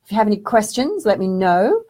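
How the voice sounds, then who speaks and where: A woman's voice: mid-range voice, big pitch swings, a little fast, warm tone. A woman hosting a casual live stream, reading out viewer comments in a chatty, affectionate way and calling viewers darling. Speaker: spiritual development teacher hosting a live stream.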